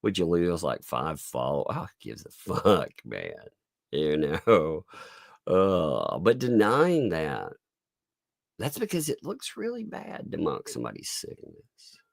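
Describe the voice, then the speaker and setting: A middle-aged man hosting a live-stream commentary, sarcastic and quick to laugh and swear, his voice congested from sinus trouble. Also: low voice, huge pitch swings, creaky, dry recording, clean studio sound. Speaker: online commentary host.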